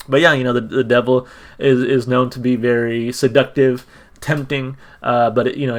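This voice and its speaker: A man hosting a music reaction video, chatting casually and thinking aloud with frequent ums and restarts. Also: mid-range voice. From Texas. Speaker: music reaction channel host.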